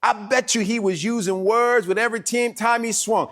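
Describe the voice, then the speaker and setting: A pastor with a Southern American accent preaching a sermon, animated and emphatic, laughing and repeating words for effect. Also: male voice, high-pitched, normal speed, few pauses. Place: church sanctuary.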